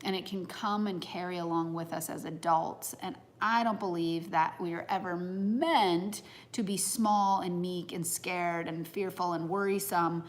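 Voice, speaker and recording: A woman's voice: on the low side, steady tone, measured pace, few pauses. A woman in her thirties giving a casual, reflective talk to an audience on personal growth, earnest and heartfelt as she muses aloud.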